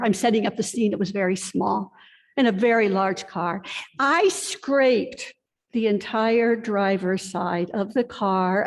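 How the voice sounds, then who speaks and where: A woman pastor delivers a sermon at a slow, deliberate pace, her voice sitting a little high for a woman. Her words carry a long reverb from the church hall around her. She tells stories in an earnest, confessional way. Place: church sanctuary.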